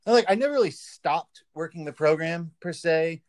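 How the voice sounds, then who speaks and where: A man with a somewhat high voice talking openly about his own struggles. He often restarts his sentences and hesitates. The tone is casual and frank. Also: animated, no echo. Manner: candid, halting, with restarts. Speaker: guest in recovery. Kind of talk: casual conversation.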